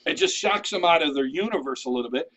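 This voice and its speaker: A man with a fairly bright, higher voice talks fast and expressively as a vlogger offering networking tips. His casual advice to camera rambles into asides and restarts, punctuated by frequent "all right?" check-ins.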